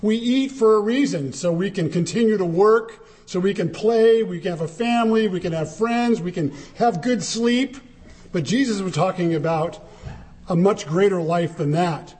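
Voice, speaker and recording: A man preaching a sermon, emphatic and dramatic, with big swings of voice when he quotes. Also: moderate pace. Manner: animated, emphatic, dramatic shifts in pitch when quoting.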